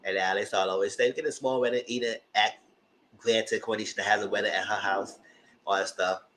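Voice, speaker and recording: A TV show reviewer giving a casual recap, animated and laughing, acting out the characters in squealing high voices. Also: a little fast. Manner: laughs through the story.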